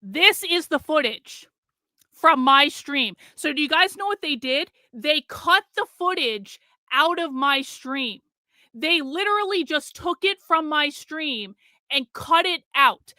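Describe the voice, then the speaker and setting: A woman's voice: high voice, animated, a little slow, bright, forceful tone, no room sound, studio quality. A middle-aged woman on a live stream, ranting in fury, swearing and repeating herself. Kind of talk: angry live stream rant.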